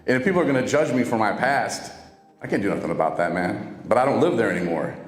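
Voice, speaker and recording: A man's voice: fairly low pitch, lively intonation, fast talker. A man casually telling his own recovery story, speaking conversationally and acting out what other people said to him. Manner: casual, conversational, acts out quoted dialogue. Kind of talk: personal storytelling to camera. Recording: echoey room with long reverb and faint music.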